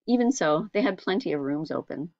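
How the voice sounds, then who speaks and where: Low-voiced woman reading a story. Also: expressive, fairly quick, gravelly, darkish tone, dry recording, muffled recording. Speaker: audiobook reader. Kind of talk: storybook narration.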